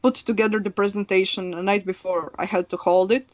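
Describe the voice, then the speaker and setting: A woman's voice: medium pitch, steady tone, a little fast. A Croatian woman co-hosting a podcast, rambling casually in English with plenty of fillers and easy laughter. Her voice sits mid-range. The recording sounds a little dull and lo-fi. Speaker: podcast co-host. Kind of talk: casual chat.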